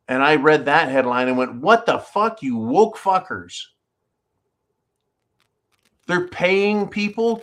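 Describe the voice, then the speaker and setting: A man hosting his own channel, delivering a profane, sarcastic political rant with sudden jumps in pitch and volume. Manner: loud swings in pitch and volume. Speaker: channel host.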